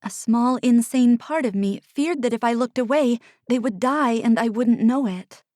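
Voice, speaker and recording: A woman narrating a first-person fantasy audiobook in a hushed manner, sometimes dropping to an unvoiced whisper, close to a studio mic. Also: fairly high pitch, normal speed, dry recording. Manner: hushed, drops to unvoiced whispers in tense passages.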